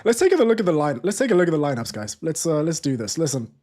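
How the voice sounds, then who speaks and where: A man's voice: on the high side, very animated, fast, darkish tone. A man hosting a live football watchalong, chatting casually and self-deprecatingly with many fillers and restarts. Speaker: watchalong streamer. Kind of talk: casual live-stream chat.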